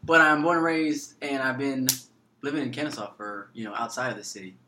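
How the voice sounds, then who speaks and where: A man's voice: medium pitch, steady tone, fairly quick, background noise. A man from Atlanta chatting as a podcast guest, laid-back and full of jokes. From Atlanta, Georgia, USA. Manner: playful, jokey, laid-back. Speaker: podcast guest, actor and comedian. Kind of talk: casual podcast chat.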